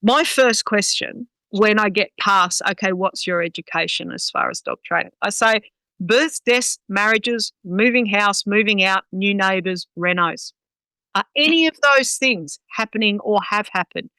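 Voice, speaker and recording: A woman talks in a blunt, sweary, matter-of-fact way. Her voice is bright and smooth. The sound is close and dry. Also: medium pitch, unhurried, no echo, poor audio. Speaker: guest dog trainer. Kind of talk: casual podcast chat.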